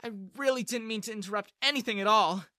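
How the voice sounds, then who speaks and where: A woman's voice: fairly high pitch, quick pace, pushed and bright, no room sound, studio quality, pitched above the performer's own voice. A storyteller voicing a clingy young woman who sounds sweet on top and venomous beneath. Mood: fake sweet. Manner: gushing, overly sweet.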